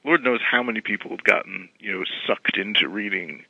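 A man's voice: lowish voice, a little fast, creaky, husky, no room sound. A man taking part as a guest over the phone, friendly and easygoing in casual chat. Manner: friendly, easygoing, with small laughs. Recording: dull dry phone-line sound.

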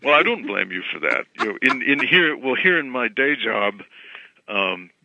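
A man's voice: mid-range voice, sing-song, normal speed, gravelly, bright, forceful tone, dry recording. A man taking part as a guest over the phone, friendly and easygoing in casual chat. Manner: friendly, easygoing, with small laughs. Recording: dull dry phone-line sound.

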